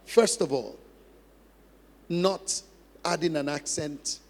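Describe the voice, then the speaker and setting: A man's voice: on the high side, lively intonation, slow pace, long pauses, darkish tone. A male pastor giving a conversational teaching sermon, laughing often and repeating points for emphasis. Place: church hall. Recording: long church reverb, faint music.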